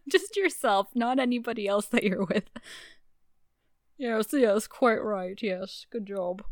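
A woman's voice: on the high side, expressive, slow, long pauses. A woman co-hosting a podcast, chatting casually with a dry, joking manner and frequent laughter. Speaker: podcast co-host. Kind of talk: casual chat.

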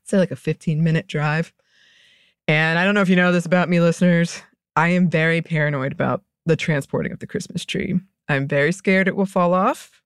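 A woman's voice: lowish voice, steady tone, fairly quick, clear, resonant tone, dry recording, studio quality. A woman co-hosting a podcast, telling a story in a casual chat, laughing often. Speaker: podcast co-host.

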